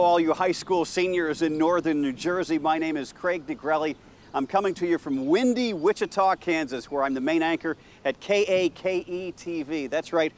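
A man in his fifties with a polished anchor's delivery and a slightly raised voice. Faint outdoor traffic hums behind him. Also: a little high. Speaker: news anchor. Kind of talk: recorded video message.

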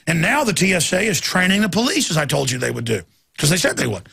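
A man's voice: on the high side, sing-song, quick pace, vocal fry, pushed and bright, slightly rough. A man hosting a talk show, ranting emphatically and jumping from one story to the next. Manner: ranting, emphatic, jumps between stories. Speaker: radio talk show host. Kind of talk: heated monologue.

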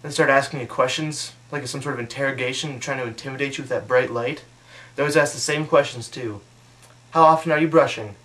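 A man's voice: medium pitch, quick pace. Young man telling a comic story. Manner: deadpan storytelling, mocking, with put-on voices for quotes. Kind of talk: comic monologue.

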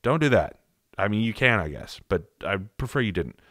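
A man's voice: on the low side, very animated, normal speed, fairly bright tone, no room sound, studio quality. A man hosting an audio tutorial in a rambling, jokey, profane way. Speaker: tutorial host, sound designer. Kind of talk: casual tutorial talk.

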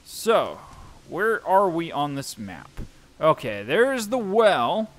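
A man's voice: a little high, wildly swooping pitch, slow pace, a bit bright. A young man giving let's-play commentary on a horror game, jumpy and self-mocking, swearing often. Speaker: gameplay streamer.

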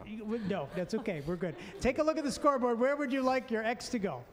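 A man hosting a game show with a jokey, energetic delivery and frequent sponsor plugs. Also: very high voice, quick pace, big-room sound.

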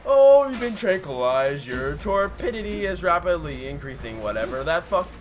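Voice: medium pitch, lively intonation, normal speed. A let's play gamer giving live gameplay commentary, panicky and shrieking, swearing constantly.

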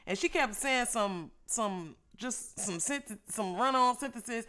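A young woman casually telling a story while eating, animated and profane, laughing often. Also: fairly high pitch, a little slow, few pauses. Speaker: vlogger.

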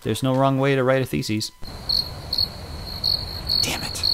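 A man co-hosting a comedy podcast, reading out crime stories with animated outrage, swearing and laughing. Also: mid-range voice, quick pace, creaky, noisy background. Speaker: podcast co-host. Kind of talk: casual comedic podcast chat.

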